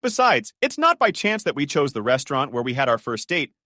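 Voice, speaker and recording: A man's voice: mid-range voice, big pitch swings, brisk, pushed and bright, no room sound, clean studio sound. A man voicing a young wife who is playful, vain and persistent. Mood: coaxing.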